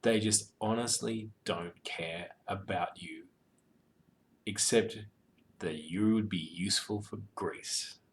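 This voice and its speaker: A man's voice: low-pitched, takes it slowly, a little hiss or hum. A man talking casually about running tabletop games, rambling with many ums and you-knows, sweary and joking. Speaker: tabletop game master giving advice. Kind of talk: casual advice monologue.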